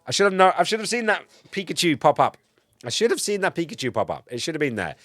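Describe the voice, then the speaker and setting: A man streaming live in casual chat, a bit tipsy, excitable and swearing, swinging between loud outbursts and low mumbles. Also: quick pace, no echo, faint music behind. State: tipsy from cider.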